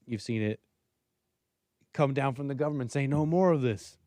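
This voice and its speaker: A man's voice: medium pitch, normal speed, mellow, no room sound. Rambling male livestream host, dry close mic. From United States. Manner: rambling, self-interrupting, laughs at own tangents. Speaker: livestream political talk host. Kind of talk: casual political livestream commentary.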